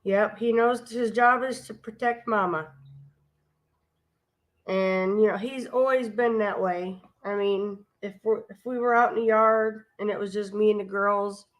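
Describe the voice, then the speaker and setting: A woman talks in an unhurried, easygoing drawl, wandering through her stories with asides and restarts. Her pitch sits in an ordinary middle range, and the tone is casual live stream chat. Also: steady tone. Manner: rambling, homespun, with many asides and restarts. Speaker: vlogger and live stream host.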